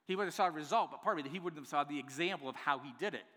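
A man preaching a sermon to his church, swinging between hushed, drawn-out lines and loud, emphatic ones. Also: a little high. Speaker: pastor. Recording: long hall reverb.

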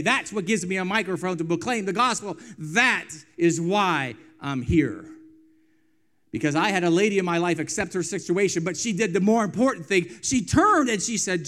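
A male pastor delivers an impassioned sermon in a voice set a little high for a man. He pushes some lines out loud and firm, then drops others almost to a hush. He stretches key phrases and comes back to them as refrains. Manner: impassioned preaching that swings between loud emphasis and quiet, hushed lines; drawn-out, emphatic phrasing with repeated refrains.

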